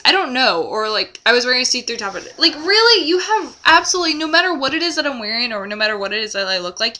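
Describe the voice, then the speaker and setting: A young woman talks casually to her camera in an animated vlog, with a voice that is very bright and a little higher than most. She tells her story with plenty of ums and fillers, pausing and restarting as she goes. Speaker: vlogger.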